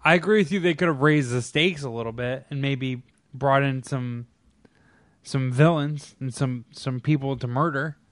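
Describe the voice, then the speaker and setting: A man co-hosting a talk show, bantering in a crude, teasing way with quick reactions. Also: medium pitch, fairly bright tone, dry recording, studio quality. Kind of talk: casual banter.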